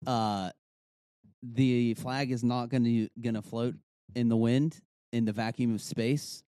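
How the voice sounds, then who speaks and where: Halting, easygoing podcast host. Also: male voice, medium pitch, fairly even intonation, warm tone, clear, resonant tone, no echo. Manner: halting, trails off, loose and profane. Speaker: podcast co-host running the segment. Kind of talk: casual chat.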